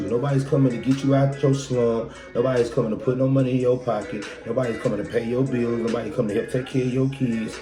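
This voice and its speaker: A man's voice: mid-range voice, steady tone, fast, hardly any pauses. A man hosting a podcast, giving a blunt, profane motivational monologue full of rhetorical questions. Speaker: podcast host. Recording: echoey room with loud music behind.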